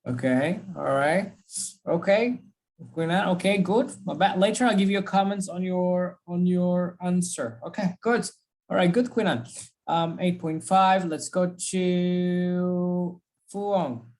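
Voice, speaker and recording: A woman's voice: lowish voice, takes it slowly, darkish tone. A woman teaching an English speaking class, giving students prompts and drilling pronunciation by repeating words.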